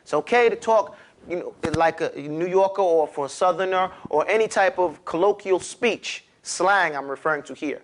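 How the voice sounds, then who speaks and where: A man with a New York accent teaching a class, lively and animated, urging his students to repeat after him. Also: high-pitched, moderate pace. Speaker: Arabic teacher. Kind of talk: classroom lecture.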